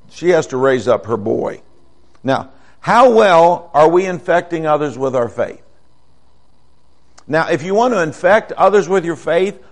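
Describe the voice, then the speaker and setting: An older man preaching a folksy, conversational sermon, asking the congregation questions. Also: a little high.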